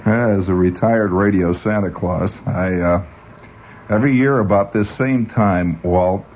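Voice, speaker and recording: A radio host rambles through a monologue in a lowish, slightly mellow voice at a measured pace, stammering into restarts and chuckling at his own asides. Soft music plays behind him, and the lo-fi radio recording sounds dull.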